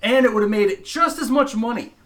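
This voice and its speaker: A man's voice: very high voice, a little fast, fairly bright tone. A man co-hosting a casual podcast, ranting crudely about films and mocking fans. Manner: crude, ranting, mocks nerds in put-on voices. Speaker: podcast co-host. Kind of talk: casual profane chat.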